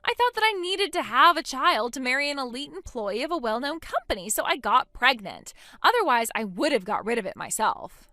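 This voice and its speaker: A woman's voice: high voice, sing-song, brisk, sharp tone, no echo, studio quality, full character voice. A woman playing a scornful selfish young mother. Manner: scornful, dismissive, sneering. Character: selfish young mother abandoning her baby. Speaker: voice actor in a text-story drama. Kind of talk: scripted dialogue reading.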